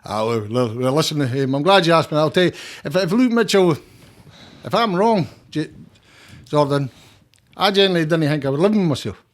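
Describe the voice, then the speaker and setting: Older scottish guy, kinda high voice, rambly and blunt, swears a lot. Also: expressive, moderate pace. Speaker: podcast guest, campaigner. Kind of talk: casual conversation.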